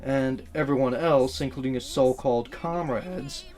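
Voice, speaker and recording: A man's voice: medium pitch, normal speed, a little mellow. A man hosting a video essay, talking about a game in an earnest, conversational and blunt way.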